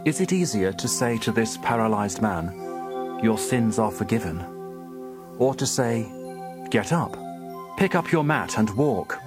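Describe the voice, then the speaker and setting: A man voicing Jesus in a dramatized scripture recording, measured and commanding. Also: medium pitch, lightly acted. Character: calm, authoritative male teacher, Jesus.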